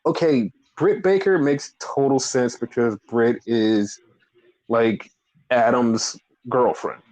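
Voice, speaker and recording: Dude co-hosting a wrestling podcast, swears a lot, voice jumps all over, dry close sound. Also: male voice, medium pitch, dry recording, low-quality recording. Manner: animated, profane, exasperated ranting. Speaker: podcast co-host. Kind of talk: casual wrestling chat.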